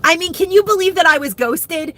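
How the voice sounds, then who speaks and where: A woman's voice: very high-pitched, expressive, a little fast, fairly bright tone. A woman in her fifties chatting candidly to viewers in a rambling, emotional way. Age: 50s. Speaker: vlogger. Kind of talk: candid live chat.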